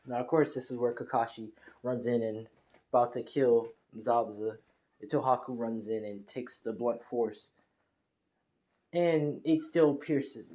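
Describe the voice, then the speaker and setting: A man's voice: medium pitch, warm tone. A man improvising a fan story, rambling along with many restarts and fillers.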